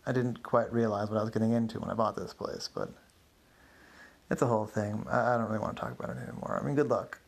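A man's voice: fairly low pitch, very animated, fast talker, gravelly, slightly rough, full character voice. A man doing a weary, rambling middle-aged neighbor. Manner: rambling, hesitant, many fillers. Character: neighbor man in his forties, weary, evasive.

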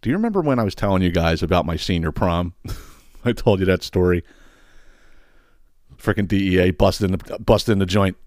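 A man's voice: low voice, expressive, normal speed, pauses often, a little mellow, no room sound, clean studio sound. A man hosting a podcast, ranting in a casual comedic way. He swears freely and laughs at his own stories. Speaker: podcast host.

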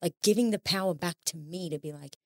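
A woman's voice: on the low side, fast talker, no room sound, clean studio sound. A woman in her thirties, a podcast guest, talking candidly in casual conversation, swearing freely and acting out the voices in her head.

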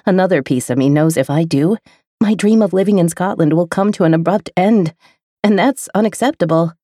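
Low-voiced woman narrating a romance. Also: brisk, mellow, no room sound, clean studio sound. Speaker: audiobook narrator. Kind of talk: first-person romance narration.

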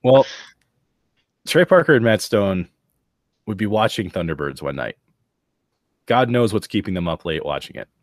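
A man's voice: fairly low pitch, sing-song, normal speed, long pauses, dry recording, clean studio sound. A man co-hosting a podcast, telling stories in a wry, casual way with some swearing. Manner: wry, profane storyteller. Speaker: podcast co-host. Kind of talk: casual storytelling chat.

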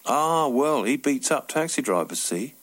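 A man's voice: mid-range voice, sing-song, unhurried. A man voicing a blunt working-class taxi driver, speaking tersely and matter-of-factly.

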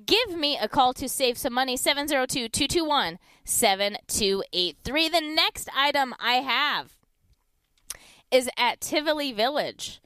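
Lively, smooth-voiced woman radio deal host. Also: dry recording. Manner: chatty upbeat sales pitch, repeats phone number slowly. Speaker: radio shopping show host. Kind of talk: live radio deal segment with callers.

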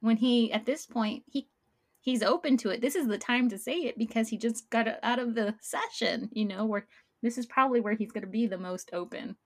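A woman's voice: a little high, fairly quick. A woman co-hosting a casual recap chat, agreeable and reflective, laughing often. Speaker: podcast co-host.

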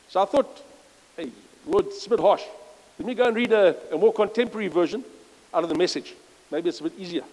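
High-voiced man preaching in a hall. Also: a little fast, long pauses, a little mellow. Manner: conversational, reads scripture aloud with emphasis, self-correcting asides. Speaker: lay preacher. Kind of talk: informal church sermon. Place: church.

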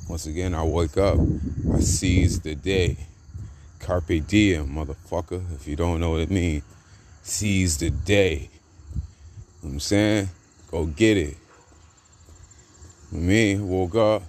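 A lower-pitched man hosting a loose, hyped-up podcast monologue outdoors. He talks in heavy slang, loops his catchphrases and gets loud when excited. Crickets and passing cars sit faintly behind him. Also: a little hiss or hum. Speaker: podcast host.

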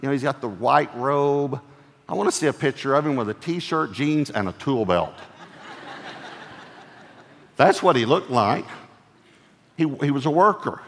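A male pastor preaching a sermon in an animated way, acting out quoted lines in playful voices and often laughing as he talks. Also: medium pitch, unhurried, pauses often, big-room sound.

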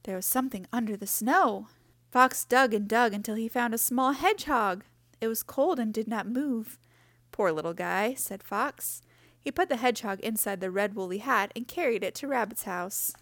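A woman reading a children's picture book aloud in a gentle, expressive way. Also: fairly high pitch, moderate pace, dry recording. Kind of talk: storybook read-aloud.

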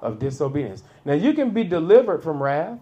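A man preaching a sermon, reading scripture and explaining it, with laughs between points and sudden loud peaks. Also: on the high side, very animated, brisk, highs cut off.

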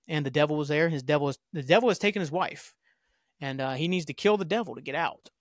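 A man's voice: fairly high pitch, quick pace, no room sound, clean studio sound. A young man hosting a podcast, casually recapping a TV episode with rambling, offhand asides. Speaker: podcast host.

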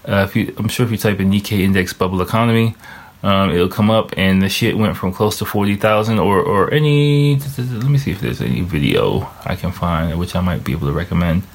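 Very low-voiced man rambling and swearing. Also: lively intonation, fairly quick. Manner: rambling, heavy swearing, thinking aloud; stops to search charts online while talking. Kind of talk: casual monologue.

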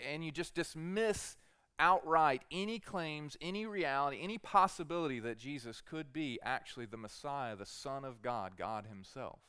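Male teaching pastor, earnest sermon delivery, smooth tone, dry close sound. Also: on the high side, moderate pace, bright, forceful tone, no echo. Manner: earnest, repeats rhetorical questions to the congregation.

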